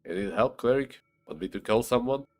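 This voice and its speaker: A man's voice: mid-range voice, lively intonation, moderate pace, vocal fry, pitched above the performer's own voice. A man voicing a chatty male companion in a fantasy game reading, with a light, wry manner.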